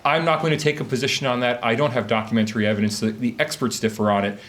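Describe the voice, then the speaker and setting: Racing through his conference talk in a mid-range voice, a male academic addresses a live audience in a conference room. He speaks from notes, using a lively, questioning lecture style.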